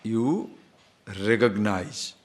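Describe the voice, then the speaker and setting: A man teaching scripture, emphatic and full of rhetorical questions, sometimes chanting verses slowly. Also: on the low side. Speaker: spiritual teacher. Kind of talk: lecture on scripture.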